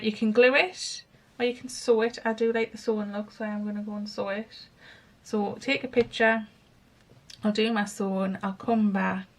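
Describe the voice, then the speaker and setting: A woman's voice: on the high side, slight background noise. A woman hosting a craft video, chatting and thinking aloud while she works. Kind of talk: casual craft narration.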